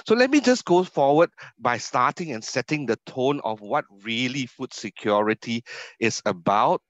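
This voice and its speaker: A man's voice: mid-range voice, expressive, moderate pace, a bit bright, dry recording. A man from Singapore with a Singaporean English accent, a university academic giving a keynote lecture over a video call, stressing key words and asking rhetorical questions. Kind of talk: online conference lecture. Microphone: video call computer mic. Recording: dull, dry video call audio.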